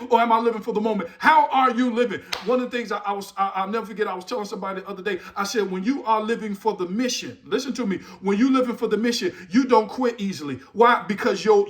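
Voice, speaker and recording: A man hosting a motivational morning talk, energetic and preachy, repeating rhetorical questions and sometimes shouting. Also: high voice. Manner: loud bursts and shouting at the start. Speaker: motivational speaker and host.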